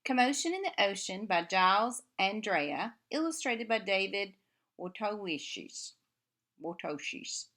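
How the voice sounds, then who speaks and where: A woman reading a children's picture book aloud in an expressive, animated way, adding sound effects. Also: mid-range voice, moderate pace, few pauses.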